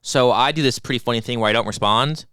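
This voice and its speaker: A young man co-hosting a podcast, telling stories in casual banter with a deadpan edge. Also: medium pitch, fast, smooth, no room sound. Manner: deadpan storytelling with mock-drunk asides. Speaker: podcast co-host.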